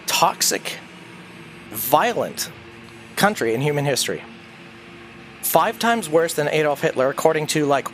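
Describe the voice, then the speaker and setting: An older man on a livestream, ranting intensely in an emphatic monologue, repeating phrases for emphasis. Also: a little high. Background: faint dark ambient music.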